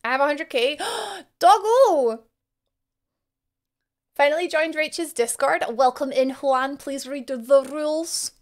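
A woman's voice: sits high, steady tone, a little slow. A young woman streamer chatting casually and giggling as she greets her viewers by name. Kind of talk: casual live-stream chat.

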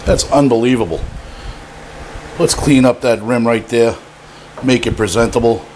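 A man's voice: mid-range voice, moderate pace, long pauses, darkish tone, a little hiss or hum. A man hosting a cooking show, demonstrating a recipe in a playful, jokey and enthusiastic way.

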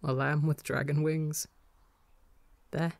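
A storyteller voicing a gentle, easygoing father speaking fondly to his children. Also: medium pitch, flat delivery, slow, vocal fry, dry recording. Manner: soft, fond, easygoing.

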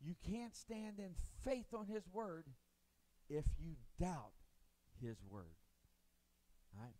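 High-voiced preaching man. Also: sing-song, dark tone. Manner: preaching with swells of volume and dramatic pauses; acts out voices of doubters and biblical figures. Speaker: pastor. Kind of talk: sermon.

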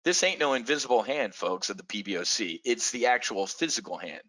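A man giving an energetic, folksy options-trading pitch, speaking straight to the audience and swinging his pitch up and down for emphasis. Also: fairly quick, poor audio. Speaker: options trading webinar presenter.

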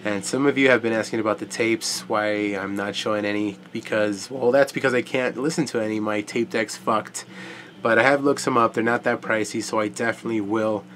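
A man with a stuffy, congested voice from allergies, chatting casually to camera about his vinyl records. He rambles with fillers and swears easily, and keeps clearing his throat. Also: lowish voice, fairly even intonation, brisk, a bit bright, a little hiss or hum. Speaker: vinyl record collector vlogger.

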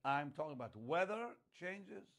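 A man preaching a sermon, emphatic and repetitive, dropping to a hush and then rising loud on key phrases. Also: fairly high pitch, very animated, normal speed, vocal fry. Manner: emphatic, repeats phrases, swings from hushed to loud.

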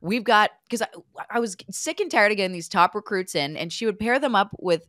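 A woman's voice: mid-range voice, a little fast, no echo, clean studio sound. A woman co-hosting a casual podcast, telling stories with energy and acting out the lines she quotes. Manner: animated storyteller who acts out quoted lines. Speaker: podcast co-host, former hockey player.

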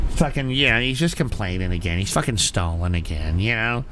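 A man hosting a comedic call-in show, swearing, shouting and ranting in exasperation at his callers. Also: a little high, animated, moderate pace, few pauses, a little hiss or hum.

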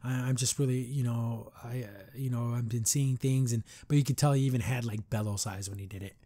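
A man's voice: medium pitch, a little fast, slight background noise. Rambling man recapping a cartoon. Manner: rambling, animated, mocking asides. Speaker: podcast host. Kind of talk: casual episode recap.

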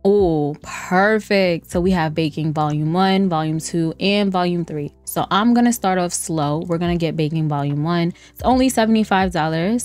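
A woman's voice: fairly low pitch, darkish tone. A woman giving casual, playful let's-play commentary. She talks straight to her viewers, teases the game characters and laughs often. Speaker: gameplay streamer. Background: faint lo-fi music.

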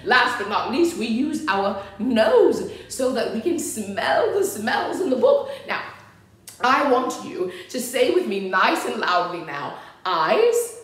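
A woman's voice: on the high side, big pitch swings, slow, fairly bright tone. A woman hosting a children's storytime in a giggly, theatrical way, often exclaiming "oh dear". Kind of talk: playful storytime talk to children. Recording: very echoey room with faint music.

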